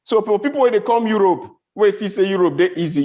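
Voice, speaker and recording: Nigerian Pidgin stand-up man, high voice, lively swoops, dull lo-fi event sound. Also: fast. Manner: animated storytelling, big pitch swings. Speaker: comedian. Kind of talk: stand-up comedy.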